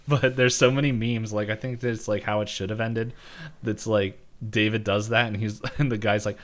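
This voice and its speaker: Man, podcast co-host, casual movie talk, laughs a lot, mid pitch. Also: animated, moderate pace. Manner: laughs often, acts out quoted lines. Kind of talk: casual movie reaction chat.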